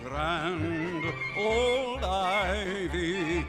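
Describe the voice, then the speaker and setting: A man's voice: sits high, drawn-out words, loud music behind the voice. A man singing a hearty show tune from a Broadway cast recording. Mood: rousing.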